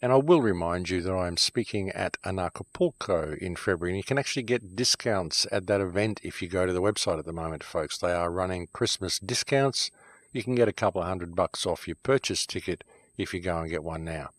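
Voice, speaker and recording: Middle-aged male host, deep voice, dry close sound, fired-up rant from a shed studio. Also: fairly quick, no room sound. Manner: heated and emphatic, then calmer and wry. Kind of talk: ranting monologue to camera. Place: backyard shed studio in the countryside.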